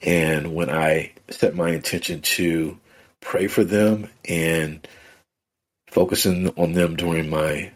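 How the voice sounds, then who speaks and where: A man, a podcast guest, telling a personal story in a relaxed, rambling way with many fillers. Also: low voice, slow. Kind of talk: casual conversational storytelling.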